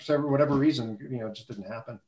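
A man's voice: medium pitch, very fast, roomy sound, muffled recording, a crowd in the background. A man hosting a casual sports talk show over a video call, rambling a bit with fillers and restarts. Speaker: show host.

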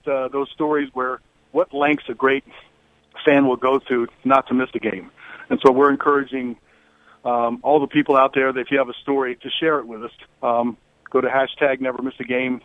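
A middle-aged man talking as a guest on a radio show over the phone, relaxed, with many fillers and restarts. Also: medium pitch, no echo. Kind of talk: phone interview. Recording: tinny phone line.

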